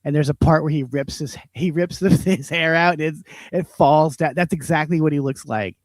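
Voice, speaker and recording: A man hosting a comedy podcast, ranting and swearing, his voice swinging between loud outbursts and low mutters. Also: normal speed, no echo. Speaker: podcast host. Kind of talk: profane comedic rant.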